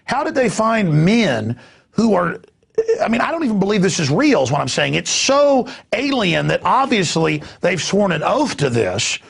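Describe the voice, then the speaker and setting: A man's voice: high-pitched, big pitch swings, moderate pace. A man hosting a talk radio interview, emphatic and stammering when worked up. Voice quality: gravelly, raspy. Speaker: host.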